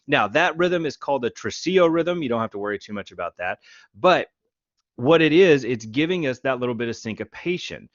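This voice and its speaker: A man teaching a music class, counting beats out loud and showing rhythms on guitar. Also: mid-range voice, very animated, normal speed, highs cut off. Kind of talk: lecture.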